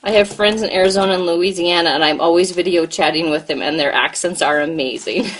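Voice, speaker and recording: Chatty American mom cooking live. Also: female voice, lowish voice, fairly quick. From United States. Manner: chatty, talks to viewers and kid at once. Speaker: host and mom. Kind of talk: casual live-stream chat while cooking.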